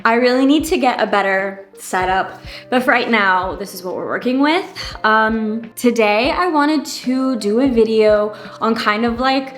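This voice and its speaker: A woman's voice: a little high, lively intonation, a little slow, a bit bright. Woman, 30s, casual vlog storytelling, candid, chatty, filler words, faint background music. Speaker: vlogger.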